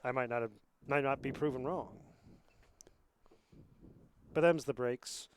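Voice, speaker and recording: A man commentating on a school rugby match from a small booth beside the pitch. He talks in a loose, rambling way full of asides, then jumps up in energy when a play breaks open. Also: unhurried, background noise. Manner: chatty, rambling asides, excited bursts on plays. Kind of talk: amateur sports commentary.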